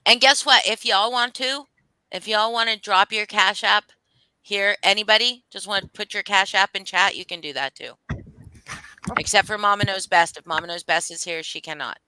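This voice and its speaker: A woman's voice: mid-range voice, moderate pace, bright, forceful tone, clear, resonant tone, dry recording, poor audio. A woman hosting a casual livestream chat, playful as she talks to the chat and her co-hosts. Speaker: livestream host.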